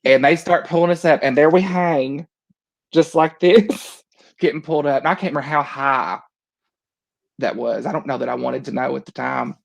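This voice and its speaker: A man telling a funny story in casual chat, animated and laughing often. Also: mid-range voice, normal speed, creaky.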